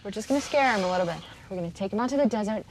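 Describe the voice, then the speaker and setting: A woman's voice: mid-range voice, expressive, slight background noise, close to an everyday voice. An actress playing a reckless young woman in trouble, blunt and defiant. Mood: insistent. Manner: blunt, defiant, speaks fast when pushing. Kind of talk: film drama acting. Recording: film audio with loud music.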